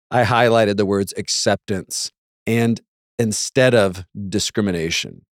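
Low-voiced wry man in a dry room. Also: takes it slowly, no echo. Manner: wry, sarcastic asides, mock voices for quotes. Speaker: podcast host. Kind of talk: casual monologue.

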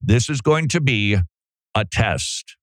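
A man hosting a talk show, speaking in a lively, animated way and slipping into voices when he quotes. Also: mid-range voice, takes it slowly, no echo, clean studio sound. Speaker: podcast host. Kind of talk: casual commentary.

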